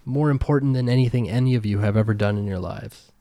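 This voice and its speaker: A man voicing a calm, mysterious monk who speaks in solemn, measured words. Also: mid-range voice, creaky, no room sound, lightly acted.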